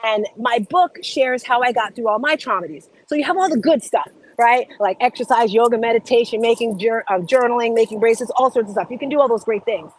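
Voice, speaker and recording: A woman coach chatting live to her online viewers, with a fairly high voice. She is upbeat and talkative and keeps calling out to her audience by name. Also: a little fast, hardly any pauses, poor audio. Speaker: life and fitness coach, show host. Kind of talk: casual livestream chat.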